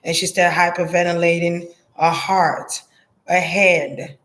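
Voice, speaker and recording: A woman's voice: on the low side, level tone, slow pace, a bit bright. A woman giving a psychic reading in a hesitant, murmuring way, repeating words and trailing off. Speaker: psychic reader. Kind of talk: intuitive reading monologue.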